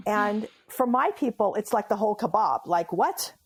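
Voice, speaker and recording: A woman's voice: mid-range voice, lively intonation, a little slow, husky. A woman from Iran, a memoirist and humorist, telling stories in an interview with a playful, emphatic delivery and frequent laughs. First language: Farsi. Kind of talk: animated interview storytelling.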